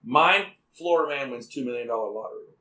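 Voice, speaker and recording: A man's voice: mid-range voice, quick pace, bright, forceful tone. A young man co-hosting a podcast, joking around in casual chat, laughing and coughing often. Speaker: podcast co-host. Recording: roomy, mic at a distance.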